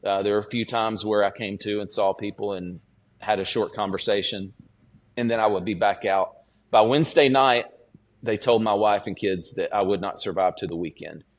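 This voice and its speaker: Low-voiced man telling his testimony. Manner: earnest, halting storytelling with frequent "uh" restarts. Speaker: student pastor, podcast guest. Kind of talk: personal testimony in a podcast interview.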